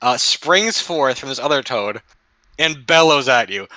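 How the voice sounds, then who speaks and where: A man's voice: medium pitch, bright, forceful tone, no echo. A man running a tabletop game as game master. He narrates monsters and dice rolls, and he mutters and swears while he fights the game menus.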